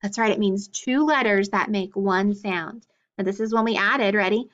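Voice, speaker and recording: A woman teaching a phonics lesson to children, spelling out letters and sounds clearly and praising often. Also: medium pitch, normal speed, a bit bright. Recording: dull lo-fi recording.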